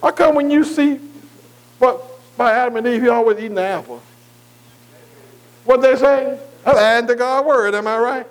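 Man, preacher, very high voice, sermon, spells words letter by letter, call-and-response questions. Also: moderate pace, long pauses, poor audio. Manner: asks the congregation "am I right?" again and again.

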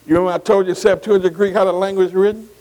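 A high-pitched man leads a Bible study class. He spells out Greek words letter by letter and keeps checking that the group is with him, with "see" dropped between phrases. His voice rings out with a long, lingering reverb. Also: flat delivery, racing, darkish tone. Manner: keeps asking the class to follow along.

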